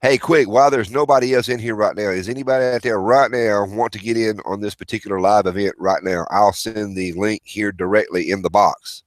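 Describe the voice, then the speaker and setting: A man's voice: lowish voice, steady tone, brisk, few pauses, no room sound. A man hosting a casual livestream, rambling as he reads viewer chat and calls out names. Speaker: livestream host.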